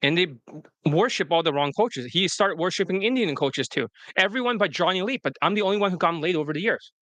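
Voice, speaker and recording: Man, livestream host, blunt and profane, bright tone, dry sound. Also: high-pitched, animated, fairly quick, dry recording. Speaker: dating coach hosting a livestream. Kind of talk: casual livestream commentary.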